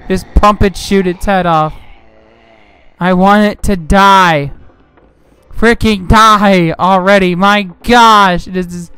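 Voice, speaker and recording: A young man giving casual, rambling commentary over a game he is playing, getting frustrated and yelling at enemies. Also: sits high, steady tone, takes it slowly, smooth. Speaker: gaming channel host. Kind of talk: casual let's play commentary. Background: game music.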